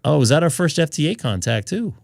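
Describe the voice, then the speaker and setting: A man hosts a ham radio live stream in easygoing chat. He rambles, jokes and laughs between thoughts, his voice swinging widely in pitch. The sound is dry and close. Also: big pitch swings, brisk, creaky, a little mellow, no echo. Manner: rambling and jokey, laughs often.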